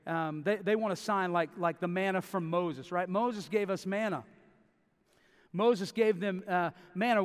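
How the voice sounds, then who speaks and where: A man's voice: high-pitched, measured pace. A man preaching a sermon, emphatic and repeating phrases for stress. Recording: long reverb of a large hall.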